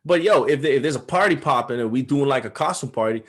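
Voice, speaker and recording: A man's voice: medium pitch, lively intonation, fast talker, a bit bright, slightly rough. A married man and father co-hosting a podcast, teasing his partner in playful, slang-heavy talk. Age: adult, married father. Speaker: podcast co-host. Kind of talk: casual chat.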